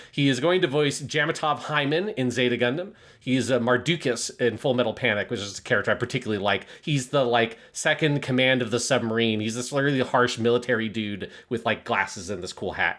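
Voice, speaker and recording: A man's voice: mid-range voice, a bit bright. A man co-hosting an anime review podcast in casual chat, rambling with enthusiasm and swearing now and then. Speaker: podcast co-host.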